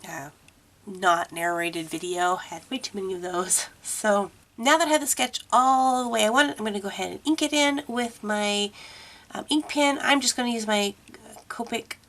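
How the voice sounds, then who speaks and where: Stuffy-nosed woman with a gravelly edge. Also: mid-range voice, moderate pace, fairly bright tone. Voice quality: congested, nasal. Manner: chatty and apologetic, with fillers. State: stuffed up from a cold. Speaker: art tutorial host. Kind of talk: casual voiceover narration. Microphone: voiceover mic.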